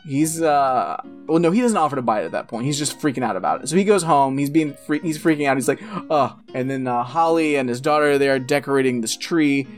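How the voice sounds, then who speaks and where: A man's voice: mid-range voice, fairly quick, few pauses, soft background music. A man casually retelling a film plot as a podcast co-host, laughing often and calling things weird. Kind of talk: casual comedic movie recap.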